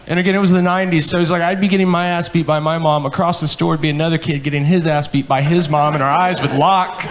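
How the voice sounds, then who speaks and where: A man in his thirties doing profane stand-up storytelling on a club stage, animated and acting out quotes. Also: fairly high pitch, fast, slight background noise. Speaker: stand-up comedian. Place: comedy club stage with laughing audience. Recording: live club with audience laughter.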